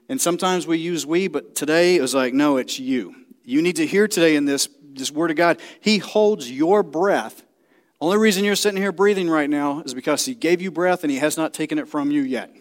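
A man preaching a sermon in a church, speaking directly to the congregation and often checking that they follow. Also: a little high.

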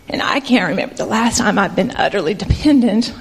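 A soft-spoken woman sharing an earnest, emotional personal testimony with a congregation. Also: medium pitch, expressive, brisk, few pauses, slightly rough, in a large hall. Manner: earnest, conversational, emotional storytelling with fillers. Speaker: church member sharing a mission trip testimony.

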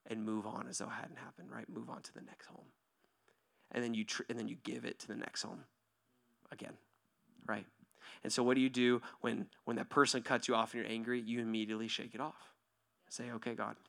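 A pastor in his thirties giving a sermon to his church, lively and joking at first, then soft and hushed as he leads a quiet prayer. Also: mid-range voice, gravelly. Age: 30s. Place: church hall.

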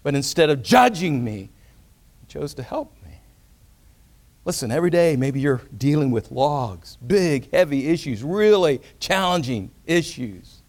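A man delivers a sermon in a slightly high voice. He tells a story and moves between loud, emphatic rises and hushed, quiet drops. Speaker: pastor.

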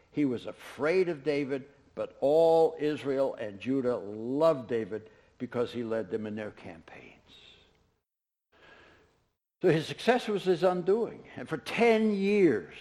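A man's voice: medium pitch, darkish tone. A man preaching a sermon, retelling scripture in a casual, storytelling way with offhand asides. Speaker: pastor.

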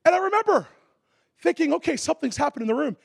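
A man preaching a sermon, telling a comic story with animated delivery and shouted sound effects. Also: very high voice, fast, gravelly, dry recording, clean studio sound.

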